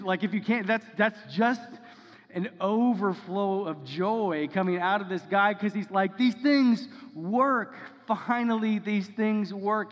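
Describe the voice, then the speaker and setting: A man preaching a sermon in a casual, conversational way, often checking in with "okay?" and "right?". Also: fairly high pitch. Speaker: pastor. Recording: dull sound with long reverb in a hall.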